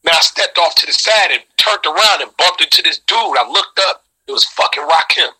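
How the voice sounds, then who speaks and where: A middle-aged rapper with a husky, rather high voice spins an animated, profane story in a casual interview. His tone is strikingly bright and forceful, and he leaps into sudden high shouts to act out what others said. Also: fairly quick, poor audio.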